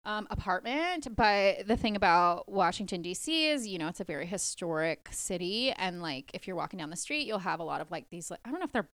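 A young woman co-hosting a podcast, telling a long story in a casual, animated way. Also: on the low side, brisk, few pauses, no echo. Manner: animated storyteller, puts on a mock British accent for quoted lines. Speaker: podcast co-host.

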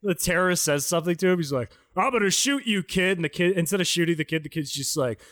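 A man's voice: a little high, steady tone, very fast, dry recording, clean studio sound. A man in casual podcast chat, reviewing a bad movie with profane, sarcastic jokes. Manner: profane, sarcastic, mocking impressions.

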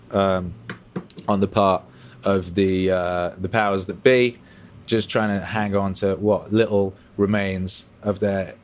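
A man with a fairly low voice hosts a relaxed livestream and answers viewers' chat messages. His delivery is profane and animated. He jumps from shouted bursts to quiet, low asides. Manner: profane, animated, swinging between loud bursts and mumbles. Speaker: livestream host reading chat.

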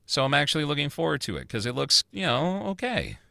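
A man's voice: on the high side, big pitch swings, fast talker, creaky, bright, forceful tone, no room sound, studio quality. A man hosting a casual chat show, ranting about what to watch in a loose, profane way. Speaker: podcast host.

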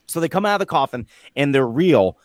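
A man's voice: on the high side, very animated, fairly quick, no echo, clean studio sound. A man in a casual quiz chat, rambling enthusiastically through a story with plenty of swearing. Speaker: quiz player.

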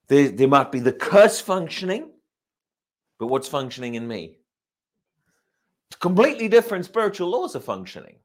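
A pastor with a mid-range voice preaches a sermon, posing rhetorical questions to the congregation. He repeats himself, restarts phrases, and stretches out key words for emphasis.

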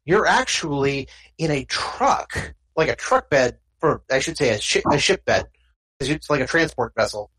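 A game master narrates a tabletop game in loose, rambling sentences, often restarting mid-thought. The voice is husky and sits at a middle pitch. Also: lively intonation, moderate pace, fairly bright tone.

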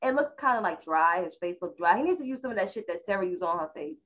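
A woman's voice: fairly low pitch, expressive, quick pace, a bit bright. A woman co-hosting a panel talk show with a New York accent, ranting in a profane, mocking, fiery way. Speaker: podcast co-host. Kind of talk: heated casual panel chat.

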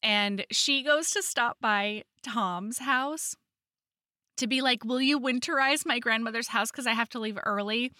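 A woman's voice: fairly high pitch, a little slow, dry recording, studio quality. A woman co-hosting a podcast, casually recapping a romance novel and acting out the characters' lines as she goes. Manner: animated retelling with quoted character lines. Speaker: podcast co-host. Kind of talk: casual book recap chat.

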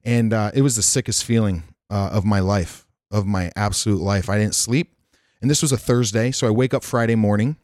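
Low-voiced man telling a frank story. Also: brisk, darkish tone, no echo, studio quality. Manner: frank, rambling, swears freely. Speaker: podcast guest. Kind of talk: candid personal storytelling in casual chat. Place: Nashville.

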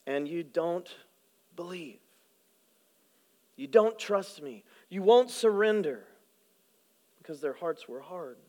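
A male pastor preaching a sermon, swinging between loud emphasis and hushed, low delivery.

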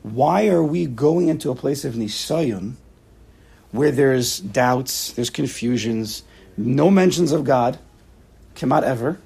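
A man leading an informal Torah class, talking in a rhetorical, animated way and using Hebrew and Yiddish terms. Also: medium pitch, slow pace, gravelly, slightly rough.

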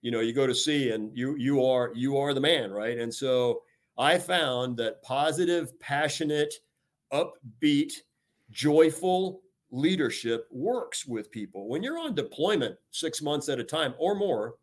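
An older retired American admiral appears as a guest on a podcast interview, calling in remotely from home or an office. He speaks energetically and emphatically at a measured pace, stressing key words and filling gaps with "you know," in an expressive voice of ordinary male pitch.

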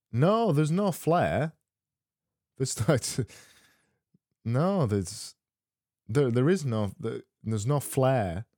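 A man rambles through his solo comedy podcast in a deadpan voice, looping back and restarting his phrases as he goes. His voice sits fairly low and has a warm, dark tone. It is recorded close and dry, with no room sound. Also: no room sound. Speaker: podcast host.

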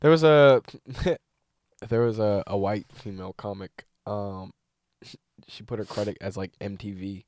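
A man co-hosting a comedy podcast in casual chat, ranting in an animated, profane way. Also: fairly low pitch, unhurried, no room sound.

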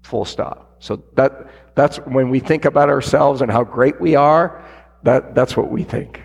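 A man's voice: medium pitch, measured pace, gravelly, husky, in a large hall. A man who owns a business, telling a story in an interview and acting out the voices of people he quotes. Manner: animated, acts out quoted voices. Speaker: business owner guest. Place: stage event.

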